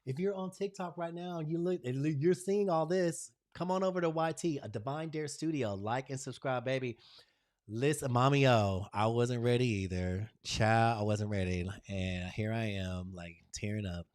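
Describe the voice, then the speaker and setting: A man hosting his own live stream, telling stories and giving a spiritual pep talk. He is animated and affectionate, calls viewers y'all and baby, and swings between loud excitement and a soft hush. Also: medium pitch, moderate pace. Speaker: channel host.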